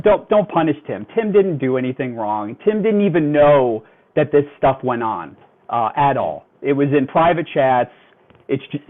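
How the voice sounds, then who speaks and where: A man calling in to a podcast, calm and explanatory with a dry sense of humor. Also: fairly high pitch, a little hiss or hum. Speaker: guest calling in. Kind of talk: casual podcast chat. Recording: tinny phone-like call audio.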